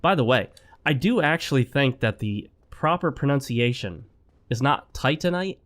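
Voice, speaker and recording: A man's voice: mid-range voice, expressive, normal speed, a bit bright. A man hosting his own gaming channel, chatting casually and with strong opinions while he plays, sounding a bit sick. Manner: rambling, opinionated, talks straight to viewers. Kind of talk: casual gameplay commentary. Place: home.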